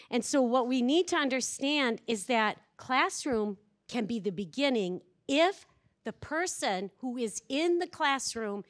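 A woman with a fairly high voice gives a workshop talk at a conference. She tells stories with energy and acts out the dialogue of the people in them for the audience. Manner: animated storyteller, acts out quoted dialogue. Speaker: workshop speaker. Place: conference room before an audience.

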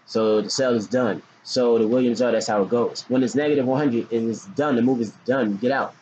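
A man's voice: medium pitch, brisk, darkish tone. A man casually talking about forex trading in a loose, joking, slangy way with hyped outbursts. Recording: dull lo-fi recording with faint noise.

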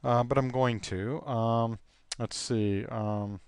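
A man teaching software on a screen recording, relaxed and thinking aloud with frequent ums and uhs. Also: mid-range voice, slow, smooth, dry recording.

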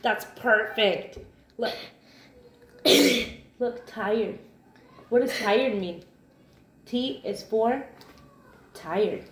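A mother slowly teaching her child words in a sing-song, animated way, with playful gasps. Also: fairly high pitch. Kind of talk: slow, simple teaching talk to a child. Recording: echoey room with clear background noise.

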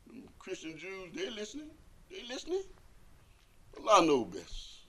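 A man's voice: high-pitched, wildly swooping pitch, moderate pace, breathy edge. A man giving a Friday sermon as imam, repeating lines emphatically and asking rhetorical questions. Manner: swings between hushed and loud, rising to forceful.

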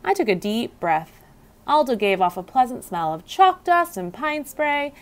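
A woman reading a children's book aloud with expressive storytelling. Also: on the high side, unhurried. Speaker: reader.

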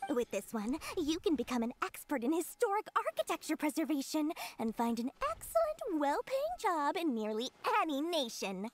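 A woman voicing a shrewd, smooth-talking female black-market merchant in a video game, with a sly, theatrical sales manner. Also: high-pitched, sing-song, normal speed, few pauses, faint music behind. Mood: salesy.

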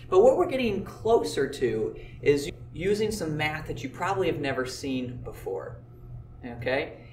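A man's voice: medium pitch, a little mellow, roomy sound, far from the mic, slight background noise. A man teaching a math lesson, explaining step by step in an easygoing way with occasional filler words. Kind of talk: classroom lecture video.

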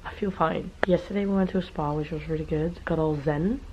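A woman in her twenties with a hoarse, worn-out voice, chatting casually and rambling to the camera in a vlog. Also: low-pitched, steady tone, brisk. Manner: chatty, rambling, tired, giggly. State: hoarse, voice nearly gone. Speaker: vlogger. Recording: muffled camera audio with background noise.

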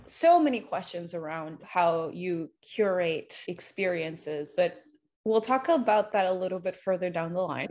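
Playful young woman hosting a podcast. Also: fairly low pitch. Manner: playful, laughs often, chatty. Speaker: podcast host. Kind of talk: casual interview chat.

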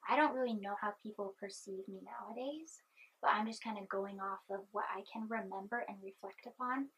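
A young woman vlogging in a soft-spoken, rambling way, chewing gum and anxious. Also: medium pitch, a little fast, slightly rough, low-quality recording. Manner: chatty, meandering, chewing gum. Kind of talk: rambling personal vlog.

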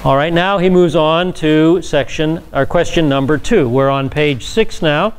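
A man with a slightly higher voice teaches a Bible class in a relaxed, explanatory way, turning to his listeners now and then. The recording carries a faint hiss of background noise. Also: unhurried. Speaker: pastor.

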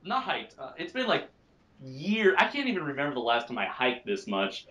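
A man's voice: medium pitch, wildly swooping pitch, moderate pace, sharp tone, lo-fi sound. A man co-hosting a casual podcast, rambling with many restarts and frequent laughs. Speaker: podcast co-host. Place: lives in Japan.

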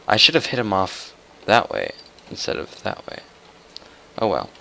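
A young man talks his way through a video game in a low, gravelly, unhurried voice. He mutters to himself and bursts into excitement at tense moments. His tone is bright and edgy, and a faint hiss sits under the recording. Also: poor audio. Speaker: gaming YouTuber. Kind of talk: casual gameplay commentary.

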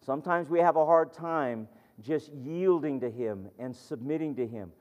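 Earnest preacher in a reverberant hall. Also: male voice, a little high, moderate pace, a little mellow. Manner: earnest, reads scripture aloud, tells stories with rising emphasis. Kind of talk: sermon. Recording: dull lo-fi sound with long hall reverb.

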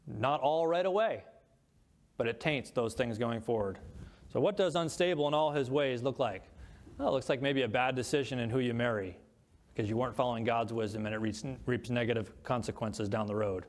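A man's voice: mid-range voice, fairly quick. Man preaching a scripture sermon. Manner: reads scripture aloud, stresses words in lists. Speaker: pastor.

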